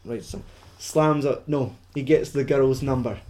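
A man's voice: mid-range voice, unhurried, warm tone. A man co-hosting a casual film chat, rambling and sweary with lots of fillers. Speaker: podcast co-host.

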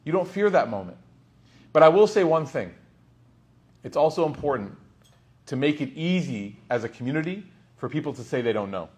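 A man's voice: a little high, very animated, moderate pace, long pauses, darkish tone. Conversational man teaching a class. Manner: conversational, frequent "like" and "right?". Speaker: Islamic teacher. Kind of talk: lecture storytelling.

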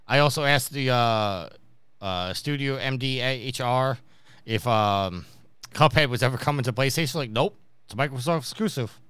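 A man's voice: medium pitch, moderate pace, a bit bright, smooth, no room sound. A man from New York hosting a casual podcast and telling stories, acting out the people he quotes. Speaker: podcast host.

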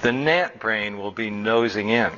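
A man reading aloud and voicing a stubborn, agitated middle-aged male engineer who explains things in a rapid, insistent rush. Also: fairly low pitch, voice pushed down, close to an everyday voice. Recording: dull recording with faint room noise.

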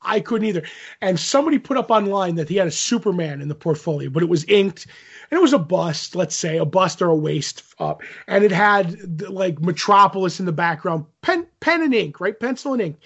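A man's voice: high-pitched, animated, a little fast, creaky, fairly bright tone, slightly rough, highs cut off. A man chatting casually, telling a rambling convention story and acting out the quotes. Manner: rambling anecdote, lots of "I'm like", acts out quotes. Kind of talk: casual chat.

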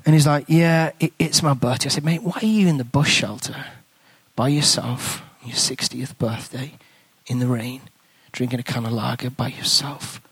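A man's voice: medium pitch, moderate pace, breathy edge, dry recording. A man, a priest and guest speaker, telling a story in a sermon and acting out the conversations in it. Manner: animated storytelling, acts out dialogue, hushed in tender moments.

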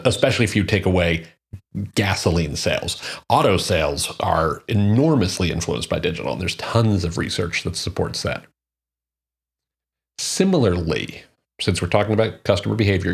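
Man, low husky voice, solo commentary, reads figures then drives home his points. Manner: reads quotes and statistics, then comments emphatically. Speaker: marketing commentator. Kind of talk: solo talk on digital marketing.

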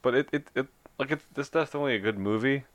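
A man co-hosting a casual chat, relaxed and opinionated, sometimes restarting his sentences. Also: mid-range voice, fast talker. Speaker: podcast co-host.

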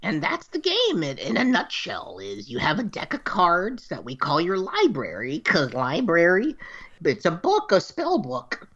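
A man's voice: high-pitched, huge pitch swings, unhurried, fairly bright tone, muffled recording, voice pushed up, exaggerated voice. A man voicing a wise old female witch who explains things in a theatrical storybook way. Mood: playful, theatrical.

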